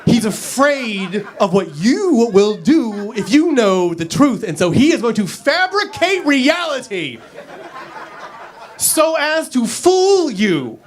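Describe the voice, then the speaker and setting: A man's voice: extremely high pitch, slow pace. A man doing a stand-up comedy set in a club, acting out little scenes with silly voices. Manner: animated, acts out characters with silly voices.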